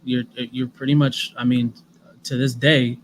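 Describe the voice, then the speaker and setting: Man, podcast co-host, rambling casual chat, mid-pitched, faint background noise. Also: little pitch movement, a little slow, poor audio. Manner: rambling, many fillers and restarts.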